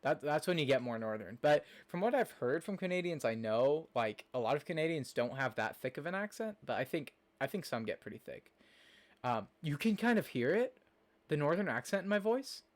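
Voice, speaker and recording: A man's voice: fairly high pitch, big pitch swings, brisk. Chatty young man streaming. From Nebraska, USA. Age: young adult. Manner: rambling, chatty, lots of fillers, reacts to chat. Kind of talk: casual live-stream chat.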